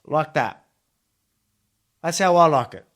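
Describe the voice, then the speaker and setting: An Australian cooking-video host in his thirties rambles enthusiastically through a casual kitchen demo. His voice runs slightly high for a man and a bit bright, with lively intonation and a slow pace.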